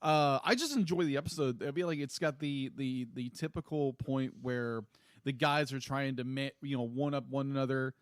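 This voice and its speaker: A man co-hosts a podcast in a loose, casual chat, often stopping and restarting his thoughts. His voice sits in an ordinary middle pitch. The sound is dry and close, with no room around it. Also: clear, resonant tone, dry recording. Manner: rambling, halting with many restarts and fillers. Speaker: podcast co-host.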